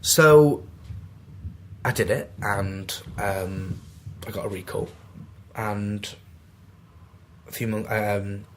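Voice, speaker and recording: The voice is fairly low, drawing out words and pausing often, with a little hiss or hum. A Mancunian man in his twenties from Manchester, England, guests on a podcast, telling casual anecdotes and animatedly acting out the dialogue.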